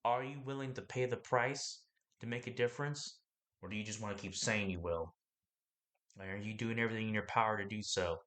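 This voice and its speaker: A man hosting a podcast, giving an animated, preachy motivational talk that rambles and fires questions at the listener. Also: lowish voice, fairly quick. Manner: animated and preachy, asks the listener questions, acts out other people's lines; rambling, with laughs and restarts.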